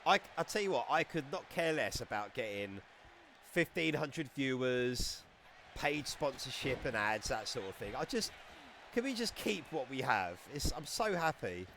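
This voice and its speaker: Chatty excitable man streaming. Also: mid-range voice, moderate pace, slight background noise. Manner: chatty, excitable, laughs often. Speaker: streamer commentating a wrestling game. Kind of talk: casual live-stream commentary.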